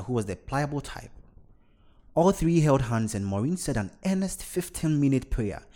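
A man narrating a story in a measured, steady reading. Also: medium pitch, slight background noise. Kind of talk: scripted narration.

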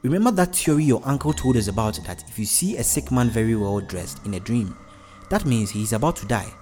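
A man's voice: medium pitch, expressive, brisk, a little mellow, a little hiss or hum, lightly acted. A man voicing a sleepy, easygoing husband who teases his wife. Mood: teasing.

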